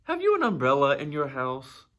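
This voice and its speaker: A man voicing a gentle, earnest, simple-minded toy bear in a storybook read-aloud, talking in a ponderous, slightly anxious way. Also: mid-range voice, wildly swooping pitch, normal speed. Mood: earnest, scheming.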